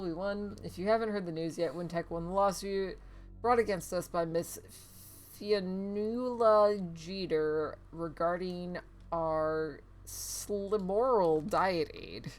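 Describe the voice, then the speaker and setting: A woman's voice: fairly low pitch, moderate pace. A woman streamer casually commenting on a game and reading in-game emails aloud, with sarcastic asides and frequent laughter.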